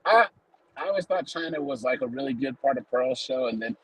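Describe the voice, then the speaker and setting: A man's voice: medium pitch, expressive, fairly quick, slightly rough, no echo, poor audio. A man on a podcast panel giving rambling, joking feedback. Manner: rambling, joking, many fillers. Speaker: panel guest. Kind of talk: casual reaction chat.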